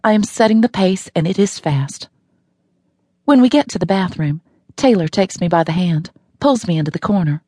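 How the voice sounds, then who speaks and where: A woman's voice: on the low side, expressive, moderate pace, mellow, dry recording. A woman narrating a novel in the first person, wry and matter-of-fact, recorded in a studio. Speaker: audiobook narrator.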